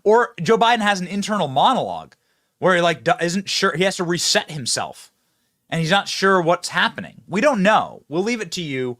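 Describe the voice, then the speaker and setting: Host read: man, sarcastic political commentator, lively swooping delivery, dry close mic. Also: high voice, normal speed, no room sound. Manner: mocking, sarcastic, laughs at own jabs. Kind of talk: fast opinionated political commentary. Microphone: close studio mic with earpiece.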